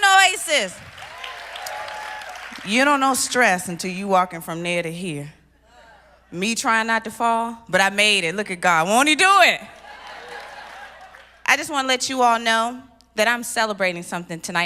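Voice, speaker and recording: Bright, punchy woman doing stand-up. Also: mid-range voice. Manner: punchy, animated delivery with sudden loud exclamations. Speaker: stand-up comedian. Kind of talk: stand-up comedy set. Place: live stage at a church event.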